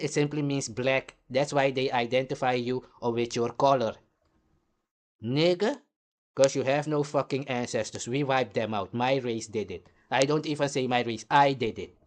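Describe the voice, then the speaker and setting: A man hosting a heated, combative commentary rant, swearing throughout. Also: mid-range voice. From Caribbean. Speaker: host.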